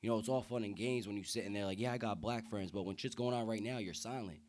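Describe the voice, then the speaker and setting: Laid-back young man, low voice. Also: quick pace, a little mellow. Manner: laid-back slangy talk, many fillers. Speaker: podcast guest. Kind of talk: casual podcast chat. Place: table indoors with drinks.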